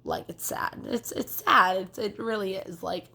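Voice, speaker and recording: A young woman chatting casually to her phone camera, rambling with lots of fillers and clearing a phlegmy throat. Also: medium pitch, unhurried, sharp tone. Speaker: vlogger.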